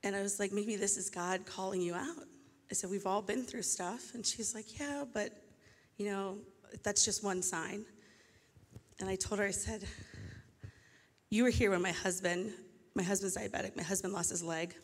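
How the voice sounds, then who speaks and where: A woman's voice: medium pitch, moderate pace. A woman sharing a personal testimony in church, emotional and tearful as she tells her story. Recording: long hall reverb.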